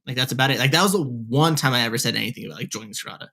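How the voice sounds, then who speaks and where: A young man tells a story on a gaming podcast, rambling and packed with "like" and "whatever." He talks into a headset mic, his voice sitting at an ordinary middle pitch. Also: very fast, vocal fry, bright, forceful tone. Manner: rambling, heavy filler "like, whatever". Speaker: podcast co-host. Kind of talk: casual storytelling.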